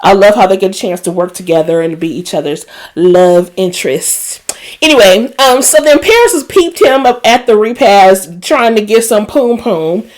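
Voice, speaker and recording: A woman's voice: mid-range voice, moderate pace. Chatty woman recapping TV episodes. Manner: chatty and animated, emotional asides. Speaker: recap host.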